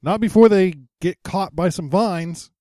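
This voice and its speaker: A man's voice: high-pitched, unhurried, warm tone, no echo, studio quality. A young man co-hosting a podcast, casually recapping a cartoon episode in a playful way and slipping into silly voices. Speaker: podcast co-host.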